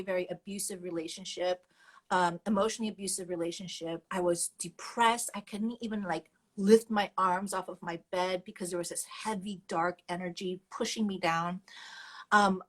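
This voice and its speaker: A woman's voice: medium pitch, fairly bright tone, low-quality recording. A woman guest telling her personal story candidly and animatedly, laughing often as she goes.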